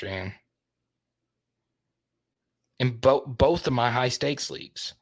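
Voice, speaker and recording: A man's voice: medium pitch, animated, a little slow, long pauses, no echo. A young adult man hosting a casual sports talk show, rambling and thinking aloud, openly frustrated.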